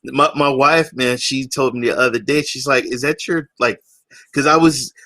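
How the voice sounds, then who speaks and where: An enthusiastic male co-host on a live gaming stream, his bright voice sitting at a middle pitch as he talks casually. He drives his points home to viewers, and the sound is dry and close. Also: fairly even intonation, moderate pace, dry recording. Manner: enthusiastic, emphatic, addresses viewers. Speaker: podcast co-host.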